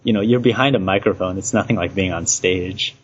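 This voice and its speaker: Man, podcast host, husky voice, easygoing, laughs a lot, lo-fi sound. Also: low-pitched, brisk. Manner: laughs often, easygoing questions. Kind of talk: casual podcast interview. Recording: dull lo-fi recording.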